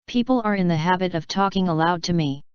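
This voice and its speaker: Brief: woman reader doing a scornful male police inspector, low and crisp, dry and dull-sounding. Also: fast, dry recording, close to an everyday voice. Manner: harsh and scornful.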